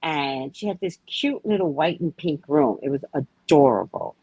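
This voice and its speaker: Woman tarot co-host, low gravelly voice, very animated delivery, dry close sound. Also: normal speed, no echo, rough recording. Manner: animated, expressive storyteller. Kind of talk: casual live-stream chat and tarot reading.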